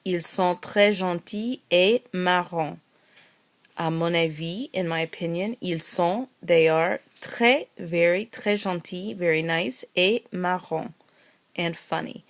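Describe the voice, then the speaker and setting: Woman teacher going over lesson notes, slightly low voice, slow and patient, repeats stuff and spells it out. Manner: patient, spells words out letter by letter and repeats phrases slowly. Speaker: French teacher. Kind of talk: recorded classroom lesson.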